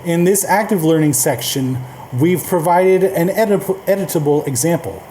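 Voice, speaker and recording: A man's voice: a little high, moderate pace, dark tone, a little hiss or hum. A man teaching a casual coding lesson, reading documentation aloud with loose, chatty asides. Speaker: coding tutorial host.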